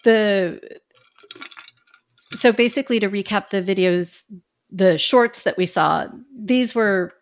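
A talkative woman co-hosting a podcast, speaking in a relaxed, casual way. She fills her sentences with little fillers and laughs often. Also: medium pitch, slow, long pauses. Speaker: podcast co-host.

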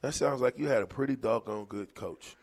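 A man hosting a casual sports talk show, reading listener texts aloud, telling stories with playful boasting and quick laughs. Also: mid-range voice. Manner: animated storyteller, reads listener texts aloud. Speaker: sports radio host.

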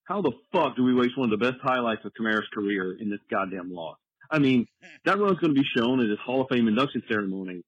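A man's voice: mid-range voice, lively intonation, quick pace, slightly rough, no echo, muffled recording. A man leaving a frustrated, swearing voicemail rant. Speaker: caller.

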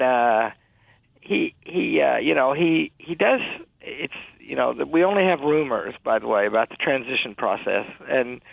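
Gravelly man on a phone line. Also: mid-range voice, dry recording. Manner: hesitant, halting, many fillers and restarts. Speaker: college president, guest. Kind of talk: radio interview.

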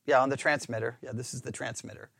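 A pastor chatting in a rambling, animated, self-mocking way while testing his lapel mic in a small closed-in room. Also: mid-range voice, quick pace, gravelly, no echo, studio quality. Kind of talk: casual talk while testing a microphone. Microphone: wireless lapel mic with belt-clip transmitter.

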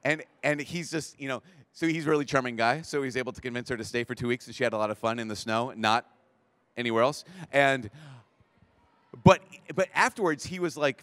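A man's voice: mid-range voice, fairly quick, no echo. A man, a priest giving a talk at a large event, telling stories and acting out the people in them, often restarting his sentences. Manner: animated storytelling, acts out quoted people; stumbling restarts when excited. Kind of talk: conference talk to a live audience.

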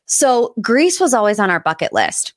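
Woman in her 30s, US pop-culture podcast host, expressive pitch jumps, dry close mic. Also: normal speed, no echo. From United States. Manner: chatty and emotional, voice jumping high when excited. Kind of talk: casual solo podcast chat.

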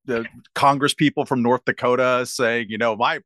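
A man who is a guest podcast co-host, making wry, deadpan jokes in a casual chat. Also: medium pitch, normal speed.

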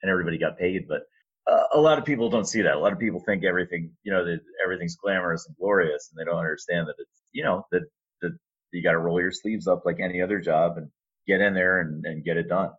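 A middle-aged man, an arena announcer, telling a relaxed story with fillers in a casual interview. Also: low voice, fast talker, breathy edge, highs cut off. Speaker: arena announcer and sports media relations staffer.

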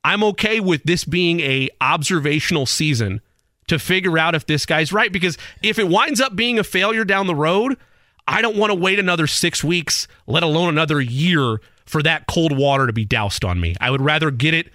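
A man co-hosting a sports radio show, arguing his opinions in quick bursts on a studio mic. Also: on the high side, animated, bright, forceful tone, dry recording. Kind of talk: casual sports radio chat.

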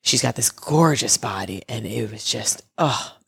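A woman guest on a podcast, telling candid stories in a lively way and laughing often. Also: a bass voice, gravelly, husky. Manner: animated, laughs often, quick bursts. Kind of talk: candid storytelling interview.

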